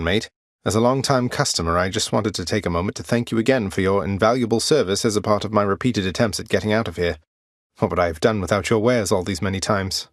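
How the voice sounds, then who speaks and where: A man's voice: on the low side, no room sound, natural voice. A man voicing a wry, polite young prince of the underworld, in video game voice lines. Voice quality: dry, wry and teasing. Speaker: game character.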